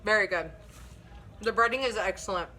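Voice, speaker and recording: A woman's voice: mid-range voice, moderate pace, bright, forceful tone, slight background noise. A woman chatting casually to her viewers in a home kitchen cooking vlog, upbeat and talking to them directly. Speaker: vlogger.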